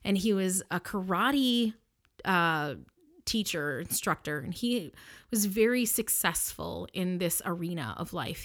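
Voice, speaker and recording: A woman's voice: fairly low pitch, fairly bright tone, no room sound, studio quality. A woman who works as an embalmer, earnestly recounting a personal experience in a reflective way with fillers and restarts. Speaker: embalmer and show host. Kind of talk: personal storytelling to camera.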